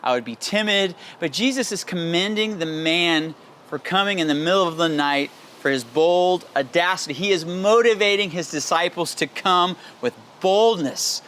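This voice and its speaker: A man preaching a daily devotional with a fairly high voice. He speaks earnestly and candidly, in a personal tone, and often repeats his points with pleading emphasis. A faint hiss sits under the voice. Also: moderate pace, bright, forceful tone. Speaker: pastor.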